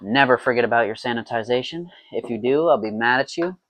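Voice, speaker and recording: A man with a quick, slightly bright mid-range voice talks to himself playfully and in a rambling way while making mead at home. It's a casual brewing vlog, recorded dry.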